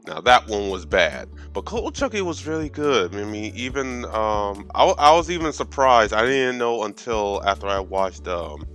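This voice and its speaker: A man's voice: on the low side, very animated, normal speed, few pauses, fairly bright tone, faint music behind. A man in his thirties giving a profane, sarcastic movie review as a casual rant, with stumbling restarts. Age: 30s.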